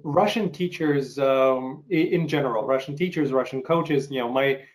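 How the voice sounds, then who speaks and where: Brief: a male podcast host, mid-range voice, working his way haltingly into a question. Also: mid-range voice, poor audio. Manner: halting, many fillers and restarts. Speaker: interview host. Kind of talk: casual interview conversation.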